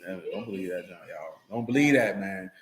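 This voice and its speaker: A man's voice: low voice, expressive, normal speed, a crowd in the background. A man leading a casual religious talk to a group, slangy and joking, with frequent asides. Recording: echoey room.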